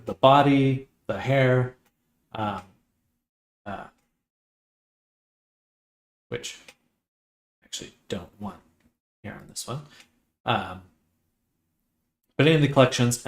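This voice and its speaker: Low-voiced man thinking aloud on a stream. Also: roomy sound. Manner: relaxed, thinking aloud with many fillers. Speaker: 3D artist and streamer. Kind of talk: casual screen-share tutorial.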